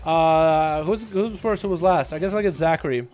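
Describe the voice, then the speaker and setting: A young man with an American accent, Russian by birth and first language, hosting a live game stream with quick, excitable play-by-play and frequent laughs. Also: on the high side. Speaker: livestream host. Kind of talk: live game commentary and chat. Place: hot home room.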